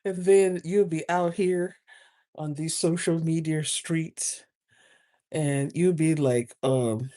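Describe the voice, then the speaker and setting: A woman with a low, mellow voice speaks at an unhurried pace. She gives spiritual advice in a joking, teasing monologue, breaking into laughter often. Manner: playful, laughs often between phrases. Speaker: spiritual advisor. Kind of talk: humorous teaching monologue.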